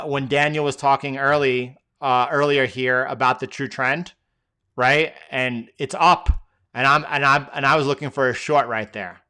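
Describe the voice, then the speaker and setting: A man's voice: mid-range voice, sharp tone, smooth. A man hosting a live trading stream, answering viewer questions in a loose, rambling way with many fillers and restarts.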